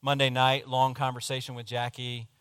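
A man preaching, telling a personal story in a confessional, animated way that swings from hushed to loud. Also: medium pitch, moderate pace, smooth, no room sound. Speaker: pastor. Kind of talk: sermon storytelling.

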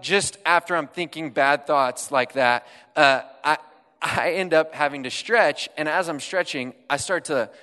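Young guy cracking jokes at his own expense, highish voice, big echoey hall. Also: pushed and bright. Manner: self-deprecating, chatty, joking with audience. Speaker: guest speaker. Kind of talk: humorous storytelling talk. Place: large hall with audience. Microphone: handheld microphone. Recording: long hall reverb.

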